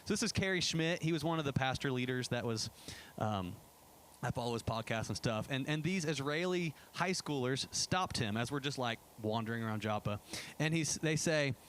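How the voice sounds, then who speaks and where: A man's voice: mid-range voice, expressive, normal speed, fairly bright tone, a little hiss or hum. A man giving a casual church presentation about a trip, chatty and enthusiastic, with many fillers and restarts. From United States. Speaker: pastor. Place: church sanctuary.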